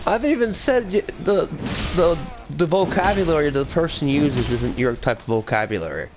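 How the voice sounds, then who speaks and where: A man co-hosting a casual podcast chat, talking in a blunt, excitable, profane way. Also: a little high, normal speed, music in the background.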